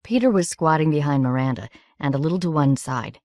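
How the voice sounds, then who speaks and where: A woman narrating an audiobook in a measured, steady reading. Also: sits low, no echo, clean studio sound.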